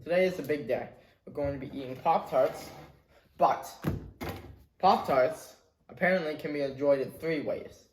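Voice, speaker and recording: A man's voice: fairly high pitch, moderate pace, pauses often, slight background noise. Playful man hosting a food review. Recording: echoey room.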